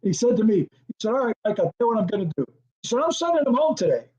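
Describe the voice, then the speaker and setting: A former football coordinator, older now, talks very fast in a high-sitting voice on a low-quality recording. As an interview guest he's a lively storyteller, performing the quoted dialogue and laughing often.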